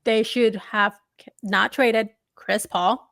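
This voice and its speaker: A woman's voice: a little high, fairly even intonation, takes it slowly, gravelly, fairly bright tone, no room sound, studio quality. A woman hosting a sports podcast who talks expressively and emphatically in loose fragments. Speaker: podcast host. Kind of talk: casual sports talk.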